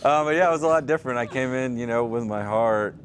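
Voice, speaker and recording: A man's voice: medium pitch, fast. Laid-back man over background noise. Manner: laid-back, laughing, hesitant. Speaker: reality show contestant. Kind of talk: casual press interview.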